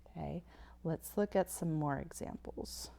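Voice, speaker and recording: Over a set of slides, a woman teaches a phonics lesson, sounding out each word slowly and patiently. Her voice sits low and has a creaky, mellow quality. It was captured as a tablet whiteboard recording.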